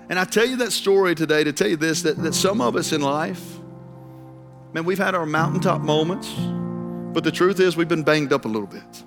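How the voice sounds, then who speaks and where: A young man preaching a sermon, telling a personal story and building to impassioned appeals. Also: a little high. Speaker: pastor.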